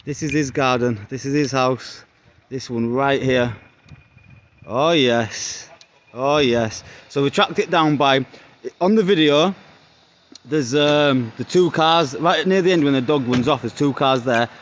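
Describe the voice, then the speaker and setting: A man's voice: mid-range voice, moderate pace, highs cut off. A man talking casually to his viewers outdoors, chatty and pleased as he shows a spot to the camera. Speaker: vlogger. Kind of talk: casual vlog narration to camera. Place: outdoors by a house.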